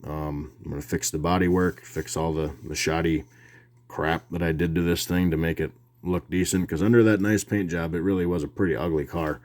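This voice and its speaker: A man's voice: low-pitched, fairly even intonation, a little fast, a little mellow. A man talking casually about his hobby in his home workshop, rambling and plain-spoken with frequent restarts. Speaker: hobby video host. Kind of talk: casual how-to talk.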